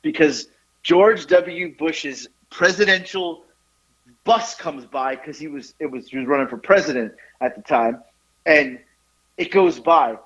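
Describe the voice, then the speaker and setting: A man's voice: a little high, measured pace, a bit bright. A man in his forties, a podcast host, telling a rambling, profane story with laughs and restarts. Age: 40s. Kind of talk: casual storytelling chat. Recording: dull lo-fi podcast audio.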